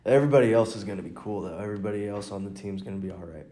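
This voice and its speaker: Talking very fast in a warm, low voice, this stand-up comic hosts a laid-back solo podcast. He wanders from story to story, chuckles, and keeps restarting what he's saying, all in an echoey room.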